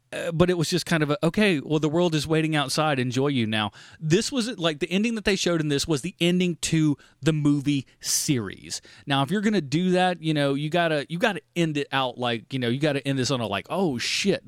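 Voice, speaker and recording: A man's voice: a little high, no room sound, studio quality. A man co-hosting a casual movie review podcast, ranting with lots of swearing. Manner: profane, animated ranting. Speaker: podcast co-host.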